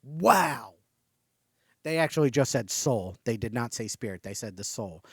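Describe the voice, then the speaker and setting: A man hosting a podcast, reading out a channeled message slowly and stopping often to marvel at it. He gets excited, breaks off mid-sentence and starts over. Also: mid-range voice, slightly rough, dry recording, studio quality. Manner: reads quoted passages slowly and deliberately. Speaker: podcast host.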